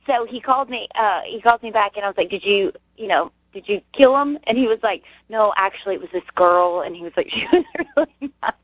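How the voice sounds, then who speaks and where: A woman's voice: mid-range voice, brisk, hardly any pauses, no room sound. A young woman chats as a guest, laughing her way through long, rambling anecdotes. The sound is dull and dry, like an old web radio stream. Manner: giggly, rambling storyteller. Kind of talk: casual interview chat.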